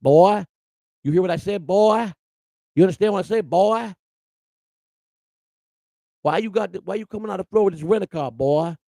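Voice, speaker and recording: A man doing a bullying small-town southern lawman, pushing his voice well above his normal pitch. The drawl stays gravelly and sneering, and he barks "boy" over and over. The recording is dry, with no room sound. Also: normal speed, long pauses, dark tone, dry recording. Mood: menacing. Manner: taunting, drawled, keeps barking "boy".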